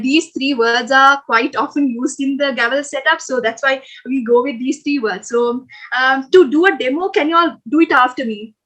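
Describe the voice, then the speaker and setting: A young woman with a high voice hosts an online icebreaker game. She talks in a chatty, upbeat, coaxing way, full of fillers. She comes through a video call mic. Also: a bit bright, low-quality recording. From Sri Lanka. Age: young adult. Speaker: game host at a student club orientation. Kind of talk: casual online game hosting.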